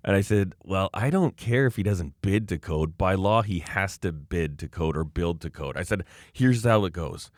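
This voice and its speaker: A man's voice: deep voice, lively intonation, normal speed, hardly any pauses, no room sound, studio quality. A man in casual chat, telling a worked-up story and acting out the quoted lines, with many fillers. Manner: acts out quoted dialogue. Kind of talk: casual chat, ranting anecdote.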